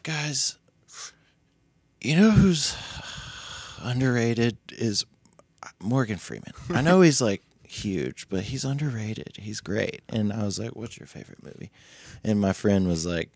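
A man from the Nashville music scene, appearing as a podcast guest, tells a long story in casual chat, voicing the characters, laughing often and swearing freely. His voice is lowish, animated and darkish in tone, his pace slow, and the recording dry.

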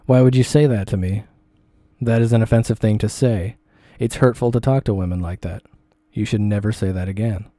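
A man's voice: fairly low pitch, fairly quick, warm tone, dry recording, natural voice. A man voicing a young woman who confronts a harasser, earnest and pressing. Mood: firm.

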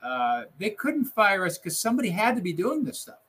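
A man's voice: high-pitched, brisk, slightly rough. A man who once produced TV newscasts, telling funny stories in a casual chat. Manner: animated, laughing storyteller. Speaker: former TV news producer.

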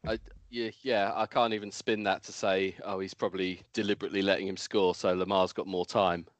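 A man's voice: low voice, flat delivery, a little fast, dry recording. A man co-hosting a podcast, chatting about sport in a laid-back, reflective way. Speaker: podcast co-host. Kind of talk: casual sports chat.

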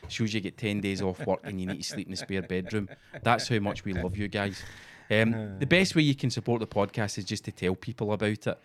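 A man's voice: fairly low pitch, brisk. Sweary Scottish man telling stories. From Scotland. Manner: sweary, animated storytelling with acted-out quotes. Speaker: podcast co-host. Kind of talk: casual chat.

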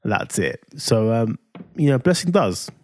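A man's voice: mid-range voice, big pitch swings, a little slow, darkish tone, dry recording, clean studio sound. Playful laughing man co-hosting a podcast. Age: 30s. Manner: teasing, laughs often, playful storytelling. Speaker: podcast co-host. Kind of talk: casual chat.

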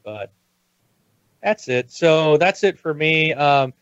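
A man's voice: on the high side, lively intonation, slow, clear, resonant tone, no room sound. A man hosting a podcast, chatting casually and a little hesitantly, repeating words as he goes. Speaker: podcast host. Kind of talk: casual chat. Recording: dry, dull lo-fi sound.

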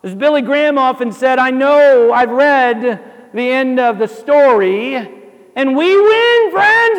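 A man preaching a sermon, animated storytelling with jokes and asides that builds to emphatic exhortation. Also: very high voice, in a large hall. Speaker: pastor.

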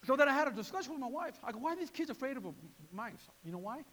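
A man preaching a sermon in a lively way, repeating words and acting out voices. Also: extremely high pitch, rapid-fire, big-room sound, slight background noise. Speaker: pastor.

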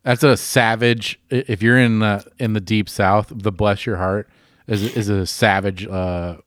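Teasing low-voiced podcast host man. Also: steady tone, no room sound, clean studio sound. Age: 30s. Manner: teasing, laughing, halting restarts. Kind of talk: casual chat.

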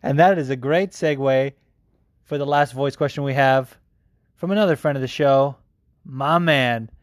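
A man's voice: medium pitch, normal speed, dry recording, studio quality. An American man hosting a podcast in casual chat, rambling, swearing freely and laughing easily. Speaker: podcast host.

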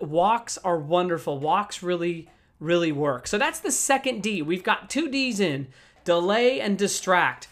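In a mid-range voice with a bit of brightness, someone gives a motivational talk about managing anger. They speak directly to the audience, hammer key phrases through repetition, and keep the tone encouraging and conversational.

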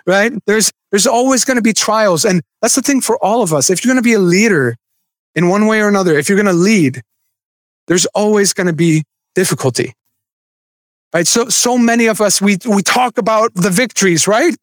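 A man's voice: high-pitched, normal speed, no echo, studio quality. A man in his thirties preaching a conversational sermon as a pastor, with chatty asides and light laughter.

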